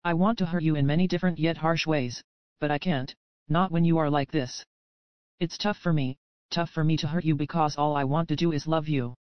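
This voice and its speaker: Possessive, controlling man read by a woman narrator, smooth, dry, slightly dull audio. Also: deep voice, steady tone, fairly quick, no echo, close to an everyday voice. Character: possessive, controlling man obsessed with his captive.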